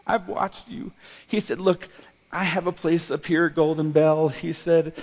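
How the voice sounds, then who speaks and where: A middle-aged man, a pastor, telling a personal testimony in a sermon, emotional and halting with many restarts. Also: on the high side, steady tone, darkish tone.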